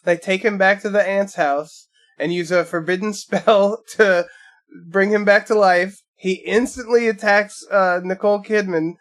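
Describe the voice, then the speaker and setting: A man's voice: high voice, fairly even intonation, a little slow. A man co-hosting a podcast, recapping a film casually in a laid-back, hesitant way, laughing along. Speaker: podcast co-host. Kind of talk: casual chat about a film.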